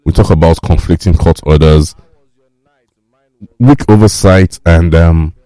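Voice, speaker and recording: A Nigerian man hosts a radio talk show from the studio, his voice extremely low, dark and mellow. He talks through the news in a relaxed, wry way, pausing on fillers as he thinks aloud. The sound is close and dry. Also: no room sound. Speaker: radio host.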